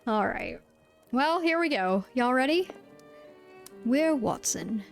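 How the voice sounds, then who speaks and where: A woman's voice: high voice, lively intonation, takes it slowly, vocal fry, soft background music. A young woman streaming a detective game, playful and giggly, joking to her chat. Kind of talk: casual live-stream commentary.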